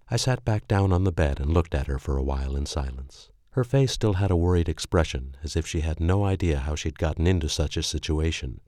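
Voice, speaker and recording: Brief: male storyteller, calm and measured, very deep dark voice. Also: no room sound, studio quality. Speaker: narrator. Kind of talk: first-person story reading.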